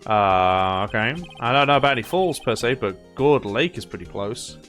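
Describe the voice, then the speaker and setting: A man voicing a wry young male defense lawyer in a low, dry, deadpan tone. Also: moderate pace, soft background music.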